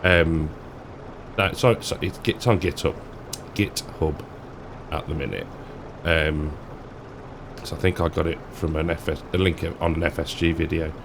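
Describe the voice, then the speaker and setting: Slow, low-voiced man. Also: steady tone, noisy background. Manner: rambling, many ums and restarts. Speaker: gaming YouTuber. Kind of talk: casual gameplay commentary.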